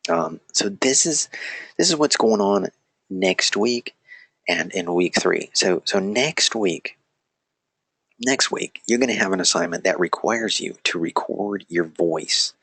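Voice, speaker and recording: A man's voice: deep voice, sing-song, takes it slowly, gravelly, a bit bright, husky, no room sound. A man teaching an online class in a casual, rambling way, stumbling over restarts, joking about himself and drifting off topic. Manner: rambling, self-deprecating, frequent restarts and digressions. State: feeling a little weak. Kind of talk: casual live lecture.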